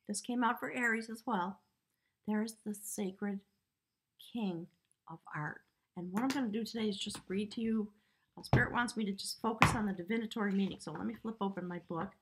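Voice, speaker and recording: A woman's voice: mid-range voice, slightly rough. A woman giving a spiritual tarot reading, earnest and emotional, rambling with fillers. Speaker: tarot reader.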